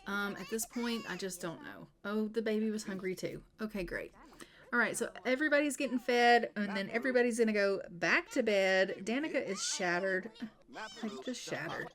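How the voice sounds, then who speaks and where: A woman's voice: mid-range voice, normal speed, a bit bright. A woman casually narrating her life-sim gameplay, chatty, with wry asides and frequent laughs. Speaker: let's play narrator.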